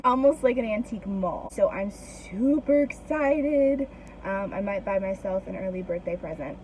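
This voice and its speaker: A young woman vlogging to her camera in casual chat, upbeat and quick to laugh, filming herself outdoors on a walk. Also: mid-range voice, a little mellow, slight background noise, poor audio. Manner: chatty and upbeat, laughs often.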